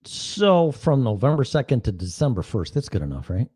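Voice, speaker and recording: A podcast host rambles through a casual solo livestream, sarcastic and swearing freely as he hops from one topic to the next. His mid-range voice is very animated, with a dark, breathy tone at a moderate pace. The recording is clean studio sound with no room echo.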